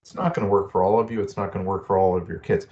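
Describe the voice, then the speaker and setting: A man's voice: low-pitched, fairly even intonation, very fast, darkish tone, highs cut off. A middle-aged man giving a webinar talk, earnest and personal, telling stories from his own life. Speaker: presenter. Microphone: video call.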